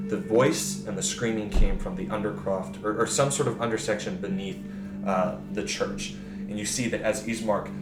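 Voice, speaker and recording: A man's voice: fairly low pitch, roomy sound. A man narrating as game master of a tabletop game, describing scenes and often correcting himself mid-sentence. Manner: descriptive, with frequent self-corrections.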